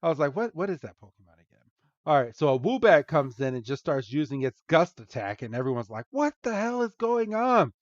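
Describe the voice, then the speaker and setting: A man's voice: mid-range voice, animated, fast talker, no room sound, highs cut off. A man co-hosting a podcast, chatting casually and animatedly, recapping a cartoon with frequent laughs and apologetic asides. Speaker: podcast co-host.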